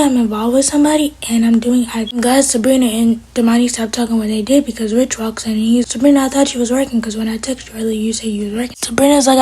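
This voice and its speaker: Woman vlogger recapping a TV episode at a fast clip, slightly high and breathy. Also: warm tone. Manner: quick, breathy retelling with quoted dialogue. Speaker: TV episode reviewer. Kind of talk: casual recap.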